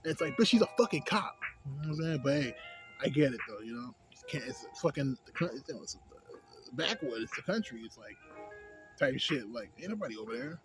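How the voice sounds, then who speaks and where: A man's voice: medium pitch, lively intonation, a little fast. A man casually rambling through a movie review, slangy and profane, full of filler tags. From a city. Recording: music playing loudly behind.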